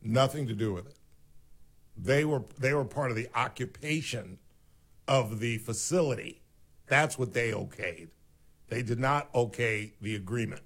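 A middle-aged male radio host delivering an indignant monologue to his listeners. He speaks emphatically and pushes back hard on callers. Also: mid-range voice. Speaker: radio talk show host.

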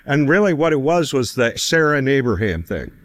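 A man's voice: mid-range voice, big pitch swings, fairly quick, fairly bright tone. A man in his fifties telling a personal story in a casual, chatty way, full of fillers. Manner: chatty, many "you know" fillers, laughs between phrases. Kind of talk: casual spoken testimony.

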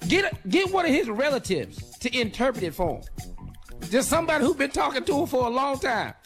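A man's voice: very high voice, big pitch swings, brisk, a bit bright. A man hosting a radio show, giving joking advice in loose, repetitive banter. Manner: loose, joking, repeats punchlines. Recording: music playing under the voice.

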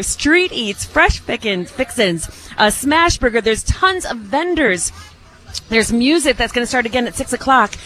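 A woman's voice: on the high side, fairly bright tone. A woman reporting live for radio from an outdoor community event, chatty and bubbly, sometimes talking with her mouth full. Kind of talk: live radio remote broadcast.

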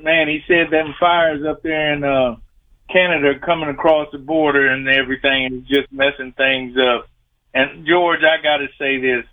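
A man in his sixties phoning in to a talk radio show, his voice a little high for a man. He talks in a folksy, rambling way, and the sound is thin and tinny through a phone line. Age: 60s. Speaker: caller. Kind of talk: call-in radio chat.

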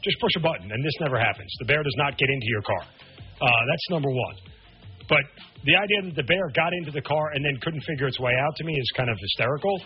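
A man's voice: mid-range voice, animated, slightly rough, dull audio, soft background music. A man co-hosting a radio show, joking and musing in casual banter. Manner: joking, chatty, drawn-out musings. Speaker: radio co-host.

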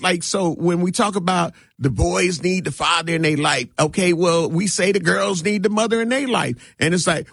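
A man hosting a morning radio talk show, talking in an animated, slangy, emphatic way. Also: a little high, slightly rough, no room sound, clean studio sound.

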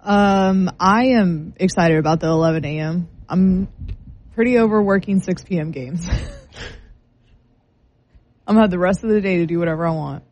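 A woman co-hosting a sports radio show, chatting in a breezy, quick way. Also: fairly low pitch, a little mellow. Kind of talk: casual sports talk banter.

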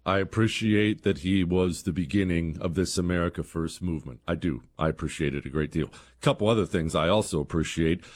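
This is a man on talk radio, holding forth in an emphatic monologue that surges to heated peaks and then falls low and quiet.

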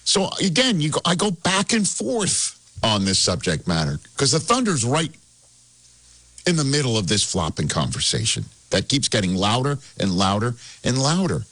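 Excitable man talking sports. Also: mid-range voice, normal speed, dry recording. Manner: animated, excitable, laughs while telling stories. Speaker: sports talk host. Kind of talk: casual sports talk.

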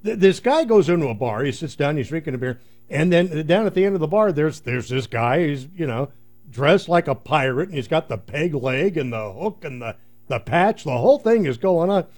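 A man's voice: on the high side, lively intonation, moderate pace, a little mellow. A man casually telling a joke, chuckling and restarting his words. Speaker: joke teller.

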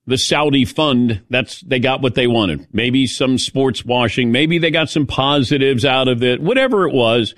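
A man's voice: mid-range voice, a bit bright, dry recording, studio quality. A man hosting a casual sports talk show, telling stories in a chatty, sarcastic way. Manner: chatty storyteller with a sarcastic edge. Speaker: radio sports talk host.

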